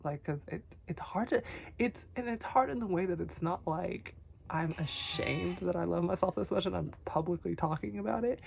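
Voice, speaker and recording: A young woman talking tenderly to herself on camera in a vlog, soft and often whispery, teary, her voice going hoarse. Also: on the low side, moderate pace, background noise. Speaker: vlogger. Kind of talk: emotional self-talk to camera.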